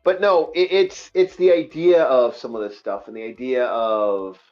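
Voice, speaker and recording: A man hosting a casual online book-review chat, emphatic and animated, repeating himself often. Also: medium pitch, normal speed, muffled recording, faint music behind. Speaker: podcast host.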